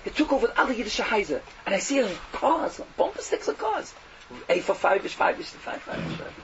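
A man giving a fiery sermon, mocking and animated, swinging from loud outbursts to hushed asides, on a dull lo-fi recording. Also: sits high, a little fast, creaky. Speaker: preacher. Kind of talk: fiery Yiddish-laced sermon. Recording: dull lo-fi recording with faint noise.

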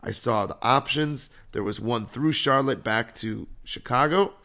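A man, a rabbi, telling a story in a lively, conversational sermon. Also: medium pitch, unhurried.

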